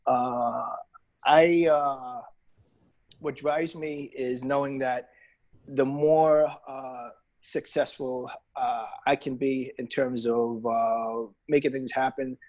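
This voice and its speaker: A man's voice: medium pitch, steady tone, slow, darkish tone, low-quality recording. A man with a New England accent, a business owner talking casually as a podcast guest, with lots of fillers and restarts. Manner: chatty, many fillers and restarts.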